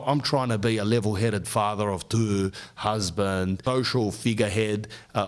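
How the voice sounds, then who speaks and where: A middle-aged man, a podcast host, telling a comic story in an animated, exasperated rant. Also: lowish voice.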